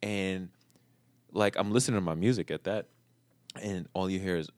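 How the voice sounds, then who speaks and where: A man from New York hosting a podcast, telling animated, profane stories in casual banter. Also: low voice, fairly quick, pauses often, no echo, studio quality. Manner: animated, profane storytelling with shifting energy. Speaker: podcast host.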